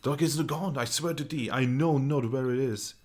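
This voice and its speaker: A man's voice: medium pitch, brisk, darkish tone, natural voice. A man voicing a flustered male tavern keeper who speaks in stammering, old-fashioned formal phrases. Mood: nervous. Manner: archaic formal speech, stammering.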